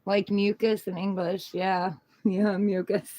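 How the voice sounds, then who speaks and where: This tarot reader, a middle-aged woman, chats easygoingly on a phone livestream at a slow pace and medium pitch, slipping into affectionate baby-talk with her pet. The sound is dry, close and rough.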